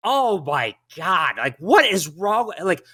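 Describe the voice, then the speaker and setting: A man doing a shrill, fussy halfling gentleman. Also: very animated, takes it slowly, slightly rough, full character voice. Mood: indignant. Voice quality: shrill, annoyed. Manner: sputtering, rattled questions.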